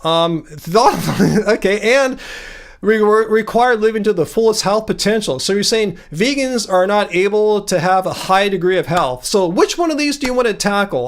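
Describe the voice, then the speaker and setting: A man hosting a livestream, confronting a commenter from chat and pressing him to make his point, speaking into a home desk mic. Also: high-pitched. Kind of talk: casual live-stream debate.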